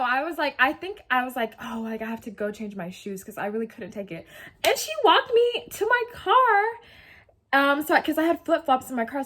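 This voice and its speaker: A woman's voice: fairly high pitch, fairly bright tone. A young woman in her twenties telling a story in a rambling, slangy, casual way, full of "like" and swearing. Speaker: vlogger. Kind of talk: casual story-time chat.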